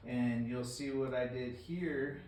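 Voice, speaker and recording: Unhurried DIY guy talking through his build, rambling and self-deprecating; recorded from across a boomy garage with tool noise. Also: steady tone, darkish tone. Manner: self-deprecating, rambling, stops mid-thought. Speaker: DIY woodworking vlogger. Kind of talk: casual how-to narration while working. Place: hot garage workshop in the desert. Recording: echoey garage, distant mic, tool noise.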